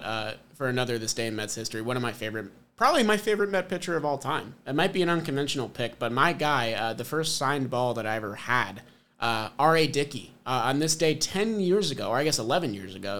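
A man's voice: medium pitch, animated, quick pace, a bit bright. A man hosting a podcast, leading segments in an enthusiastic, chatty way. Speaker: podcast host. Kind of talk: casual chat.

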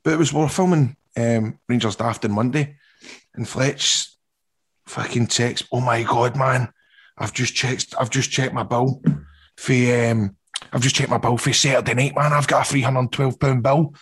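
A man's voice: medium pitch, normal speed, husky. A man with a Scottish accent, co-hosting a podcast and telling a story in casual chat, mimicking the people in it. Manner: animated storytelling, mimics others' voices. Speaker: podcast co-host.

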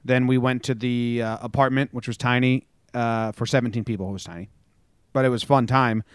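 In a casual chat, a male podcast co-host rambles through stories and chuckles often. His mid-range voice keeps a steady tone at a fairly quick pace and sounds smooth. The studio-quality audio has no room sound.

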